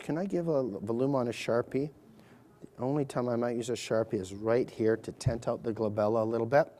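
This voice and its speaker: A man's voice: mid-range voice, mellow. Joking man narrating a live procedure. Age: middle-aged. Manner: chatty, joking asides while explaining technique. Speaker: surgeon demonstrating a procedure. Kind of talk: live procedure demonstration to an audience.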